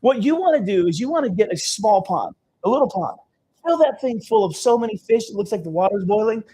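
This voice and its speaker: A man's voice: high voice, slightly rough. A man speaking as a seminar host to a live audience in an event room, telling stories energetically and checking in with "okay?" often. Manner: energetic storytelling, constant "okay?" check-ins.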